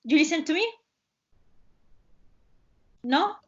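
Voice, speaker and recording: Woman host with an Andalusian accent, high voice, presenting over a dull, muffled video-call line in halting, restarting English. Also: expressive. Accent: Andalusian Spanish. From Cádiz province, Spain. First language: Spanish. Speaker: webinar host and travel guide.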